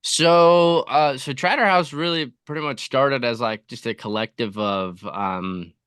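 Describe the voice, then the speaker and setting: A man's voice: medium pitch, a little slow, a bit bright, smooth, dry recording, studio quality. A man guesting on a podcast, telling his story in an easygoing way with lots of likes and you-knows. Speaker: podcast guest, content creator. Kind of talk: casual interview.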